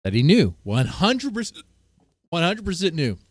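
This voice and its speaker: A male livestream host chatting with viewers in a loud, profane, heated way. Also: fairly high pitch, wildly swooping pitch, moderate pace, no echo, studio quality. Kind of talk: casual livestream chat with viewers.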